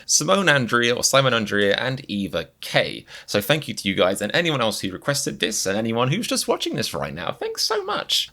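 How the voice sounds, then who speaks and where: Brief male reaction host, hard-to-place mixed accent, low-ish bright voice, jokey rambling delivery. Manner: rambling, self-mocking and jokey. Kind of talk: comedic reaction vlog.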